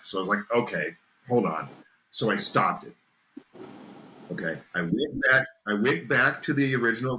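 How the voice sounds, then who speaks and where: A podcast host with a deep, low voice and a forceful, bright edge shares a spooky story in casual chat, pausing for "okay?" as the suspense grows and the drama rises. A faint hiss runs under this rough recording.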